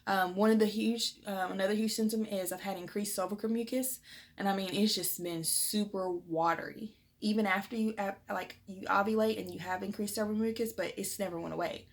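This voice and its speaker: A woman's voice: mid-range voice, steady tone, fairly quick. A young woman chatting frankly and casually to her viewers at home, with lots of fillers. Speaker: vlogger sharing pregnancy test results. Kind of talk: casual chat to camera. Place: home, indoors.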